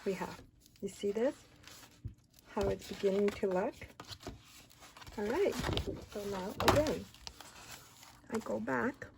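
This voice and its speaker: Speaking slowly and expressively, a woman with a creaky mid-range voice pauses often while she chats and counts through folding and cutting. It's an informal paper-craft tutorial, and noise and handling clicks come through on the recording.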